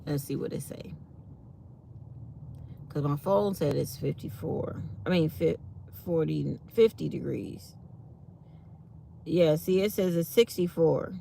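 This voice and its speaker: A woman's voice: low voice, takes it slowly, creaky, pauses often, warm tone, a little hiss or hum. A tired woman hosting a casual morning chat with her viewers, reading comments aloud as she talks. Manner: chatty, reads live comments aloud. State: tired and yawning. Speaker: channel host.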